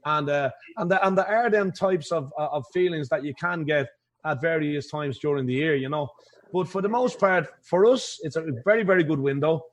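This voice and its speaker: A man's voice: on the high side, normal speed. An Irish man who plays in a pub house band, telling stories with animation in a casual interview and laughing through his points.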